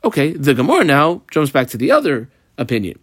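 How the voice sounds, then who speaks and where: Man, Talmud lesson, animated sing-song pitch, dry close sound. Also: brisk, no echo. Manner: explains line by line, mixing Hebrew and Aramaic terms; lively, sing-song study cadence. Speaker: Talmud teacher.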